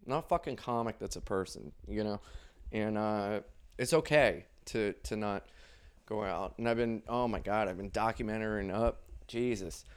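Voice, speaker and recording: A young man, a comedian, telling stories in a loose, profane monologue, laughing often and swinging his pitch widely. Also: moderate pace, smooth. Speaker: comedian podcast host. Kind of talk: casual storytelling monologue.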